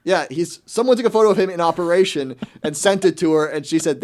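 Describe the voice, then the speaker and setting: A man's voice: on the high side, animated, quick pace, hardly any pauses, darkish tone. A man hosting a radio show, ranting in casual comedic chat with a mocking, incredulous manner.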